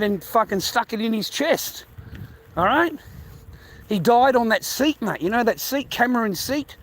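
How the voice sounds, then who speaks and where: A man from the United States talking casually to viewers while out walking, rambling, swearing often and repeating himself, sometimes dropping into hushed asides. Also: sits high. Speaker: vlogger.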